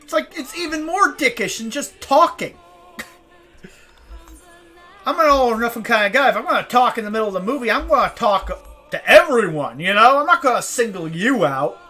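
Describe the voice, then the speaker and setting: Joking, profane woman streamer, higher voice. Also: expressive, moderate pace, pushed and bright, soft background music. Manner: joking, profane, ranting, laughs often. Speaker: game streamer. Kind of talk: casual live gameplay commentary.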